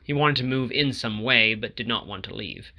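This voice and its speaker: A man narrating a novel as an audiobook, in a measured voice that drops quiet on the dialogue tags. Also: mid-range voice, creaky. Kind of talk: scripted narration.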